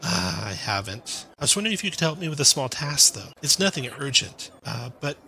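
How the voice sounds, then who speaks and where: A man's voice: mid-range voice, very animated, fairly quick, pushed and bright, a little hiss or hum, voice pushed up, heavily acted, poor audio. A man doing a chatty little goblin. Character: friendly little male goblin, eager and polite.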